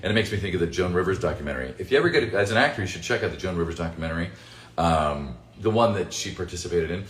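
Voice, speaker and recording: Man, deep voice, animated and playful, casual fan Q&A, swears, echoey room, faint background music. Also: racing. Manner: animated, joking, swears casually, reads chat aloud. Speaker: voice actor guest answering fan questions. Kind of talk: casual livestream Q&A. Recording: roomy echo with faint music.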